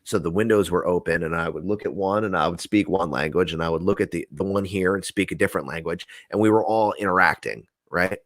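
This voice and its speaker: A young man from New Jersey with a deep, low voice tells a rambling story in casual chat. He acts out the other people's lines, swears freely and keeps the pace lively. The sound is close and dry, with no room around it. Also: fast, few pauses, no room sound.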